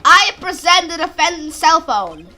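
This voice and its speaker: A woman's voice: extremely high pitch, big pitch swings, a little slow, bright, forceful tone, soft background music, full character voice. A woman voicing a determined young male defense lawyer who asks pointed, accusing questions. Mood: pressing.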